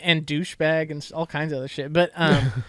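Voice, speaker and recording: A man's voice: fairly high pitch, fairly even intonation, a little fast, fairly bright tone, no room sound, clean studio sound. A man co-hosting a casual chat, blunt and swearing freely, with stammering restarts. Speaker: podcast co-host.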